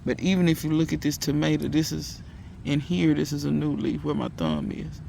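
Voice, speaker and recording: A man's voice: fairly high pitch, animated, a little fast, vocal fry, dark tone, a little hiss or hum. A man in a casual gardening vlog, chatty and emphatic, talking to viewers outdoors in his garden. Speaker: home gardener.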